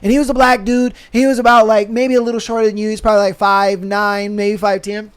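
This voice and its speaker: Guy with a really high voice, loose casual podcast chat, swears a lot, keeps going on with his story. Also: quick pace, smooth. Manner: animated storytelling, profane, lots of fillers. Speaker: podcast co-host.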